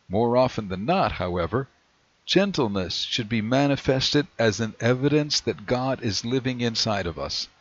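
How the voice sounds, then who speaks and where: A man preaching a sermon in a measured way, slowing down whenever he reads scripture aloud. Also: mid-range voice, dry recording. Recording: dry, dull lo-fi recording.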